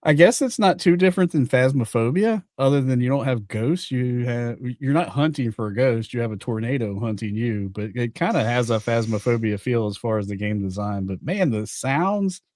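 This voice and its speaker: A man's voice: mid-range voice, animated, moderate pace, hardly any pauses, darkish tone, no echo, clean studio sound. A man as a guest on a gaming podcast, talking casually and rambling through his stories. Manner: rambling, restarts mid-sentence. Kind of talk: casual chat.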